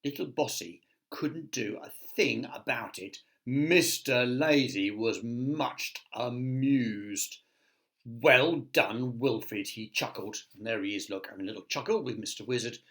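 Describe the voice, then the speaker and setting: A man's voice: medium pitch, a little slow, hardly any pauses, a bit bright. A man, a teacher, reading a picture book aloud to children with chatty asides to his listeners.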